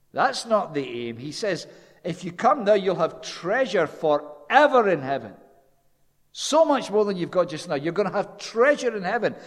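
A man preaching a sermon, telling the story with animation and dropping low and quiet when quoting. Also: big-room sound.

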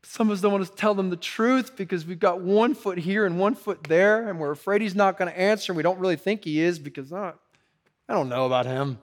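A man's voice: high-pitched, a little fast, hardly any pauses. A male pastor preaching a sermon in a conversational, urgent way, full of "like" and "you know".

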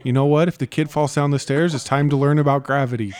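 Young man co-host, dry deadpan humor, casual banter. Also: medium pitch, fast. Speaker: podcast co-host. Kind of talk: casual chat.

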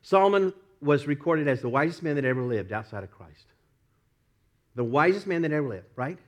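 Male preacher, sermon, animated storytelling, swooping pitch, slightly high voice. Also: fairly quick. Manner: animated storytelling, acts out quoted voices, laughs often. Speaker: pastor.

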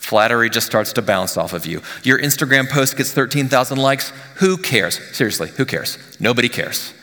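A male pastor giving a conversational sermon, often dropping to a hushed near-whisper on key lines. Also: mid-range voice, expressive, brisk, big-room sound. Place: church sanctuary.

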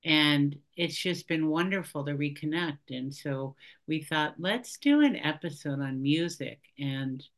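A woman's voice: low voice, unhurried, few pauses. A woman in her fifties co-hosting a podcast in casual, playful chat, with frequent laughs. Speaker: podcast co-host.

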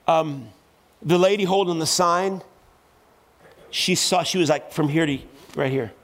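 A middle-aged man preaching a sermon in a church, telling stories and building up to loud, fervent exhortation. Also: on the high side. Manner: storytelling, voice rising to loud preaching. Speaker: pastor.

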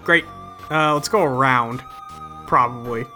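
A man's voice: medium pitch, unhurried, sharp tone, faint music behind. A man in a casual game playthrough, answering in short, easygoing replies. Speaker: gamer.

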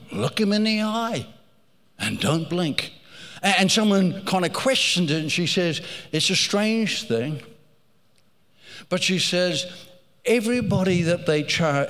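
Male preacher, fairly high voice, slow unhurried delivery, animated storytelling sermon, hall reverb. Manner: animated, storytelling with rising emphasis and repeated phrases.

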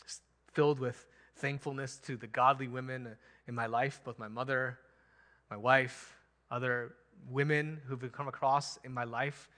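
A man preaching a sermon as pastor, animated and emphatic, chuckling now and then. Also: medium pitch, measured pace.

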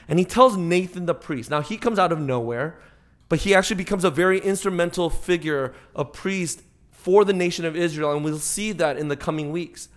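A male pastor delivers a sermon in a slightly raised voice. He swings between loud, emphatic peaks and hushed, slowed passages, building up to his points and then pulling back. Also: sits high.

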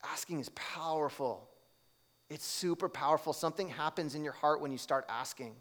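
A man's voice: fairly high pitch, moderate pace, a bit bright. A man preaching a sermon, telling a personal story in a conversational way and acting out the voices in it. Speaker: pastor.

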